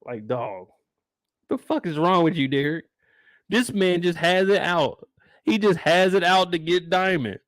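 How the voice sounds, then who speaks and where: A young man hosting a live after-show recap, talking in an animated, incredulous and profane way. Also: sits high, unhurried, no room sound. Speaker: host.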